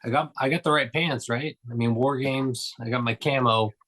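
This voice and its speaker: A man's voice: mid-range voice, moderate pace, fairly bright tone. A man co-hosting a comedic wrestling show, laconic and mumbling. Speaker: co-host.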